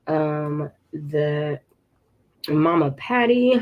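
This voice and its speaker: A woman's voice: low-pitched, fairly even intonation, slow. Chatty woman hosting a writing livestream. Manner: chatty and encouraging, reads viewer comments aloud; occasional throat clearing and coughs. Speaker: livestream host. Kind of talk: casual livestream chat with viewers.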